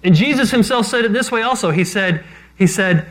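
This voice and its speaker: A man's voice: sits high, fairly quick, fairly bright tone. A man preaching a sermon as pastor, talking conversationally with self-deprecating jokes.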